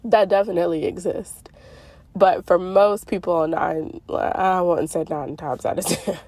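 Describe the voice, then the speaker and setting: A congested woman telling a long, rambling story in a casual monologue, full of fillers and slow stretched words. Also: on the low side, fairly even intonation, darkish tone, no echo. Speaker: spiritual YouTuber. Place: Arizona.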